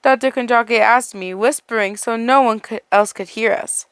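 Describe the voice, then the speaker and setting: A woman's voice: on the high side, normal speed, clear, resonant tone, no echo. A woman reading a fan fiction story aloud, stumbling and restarting words as she goes and breaking off into chatty asides. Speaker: story reader.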